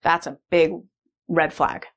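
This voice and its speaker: A woman's voice: deep voice, fairly even intonation, slow pace. A woman sharing a candid, reflective personal story as a course participant, with frequent fillers. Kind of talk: personal testimonial talk.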